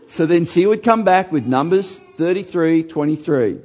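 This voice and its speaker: A middle-aged man preaching a sermon, earnest, slowing down and dropping his voice on key words. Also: darkish tone. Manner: earnest, slows down and drops low on key words. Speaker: pastor.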